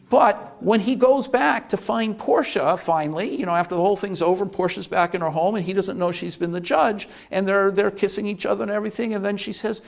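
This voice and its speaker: A man giving a lecture, retelling a play as an animated storyteller who often restarts and fills with "uh". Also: high-pitched, brisk, gravelly, hardly any pauses. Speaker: economics lecturer.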